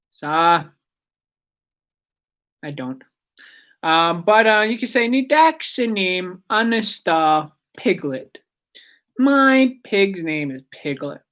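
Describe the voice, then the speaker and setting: Slow-talking woman teaching vocabulary. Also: on the low side. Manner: chatty, digressive, repeats words slowly for learners. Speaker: language teacher on radio. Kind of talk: casual spoken language lesson.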